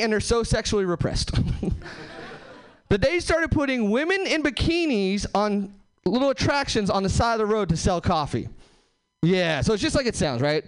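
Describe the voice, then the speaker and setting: Animated high-voiced male stand-up comic. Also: clean tone. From Southern California. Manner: animated, bouncing between voices and asides to the crowd. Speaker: stand-up comedian. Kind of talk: stand-up set. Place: comedy club stage.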